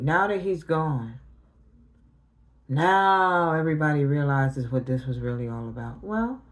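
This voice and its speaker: A middle-aged woman tarot reader talking on a livestream, grieving and confronting her family directly in casual, emotional speech. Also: on the low side.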